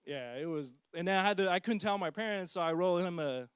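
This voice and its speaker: With a high-pitched, smooth and expressive voice, a man in his forties speaks briskly as he shares a casual testimony about parenthood. He jokes constantly and pokes fun at himself. The studio recording is clean, with no room sound.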